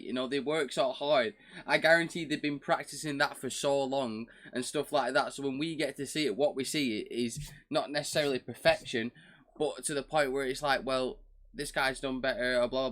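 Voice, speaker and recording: A man's voice: medium pitch, fairly bright tone. A man chatting through a reaction video, enthusiastic and meandering. He stumbles and restarts as he talks, in a casual, unscripted manner. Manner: rambling and enthusiastic, many restarts and fillers.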